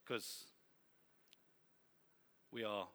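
A man preaching a sermon, animated and humorous, building to loud exhortation. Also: very slow. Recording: long hall reverb.

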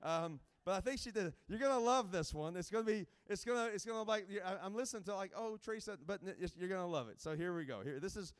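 A man's voice: high-pitched, animated, quick pace, few pauses, clean tone. A man speaking as a guest evangelist, giving a jokey, rambling informal sermon to a camp with many restarts.

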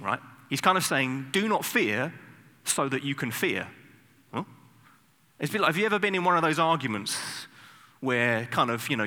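A man preaching a sermon, telling the story with lively bursts of acted shouting. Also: on the high side. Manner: animated storytelling, sudden loud acted outbursts. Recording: long hall reverb.

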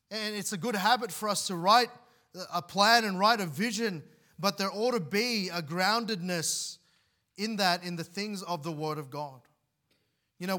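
Pastor guy preaching, bright ringing voice, bit high, keeps restarting his words. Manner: earnest, repeats words and restarts, reads scripture aloud. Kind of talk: sermon.

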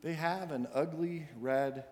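A man, the senior minister, preaching a sermon in a church sanctuary and telling a story with animated quoted voices. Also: a little high, takes it slowly. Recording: long hall reverb, faint music.

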